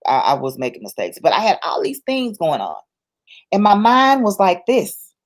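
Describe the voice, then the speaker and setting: Speaking at normal speed with a medium pitch that swoops wildly, a woman guest in an interview shares a personal testimony. Her style is colloquial and church-rooted, emphatic and repetitive as she builds her points.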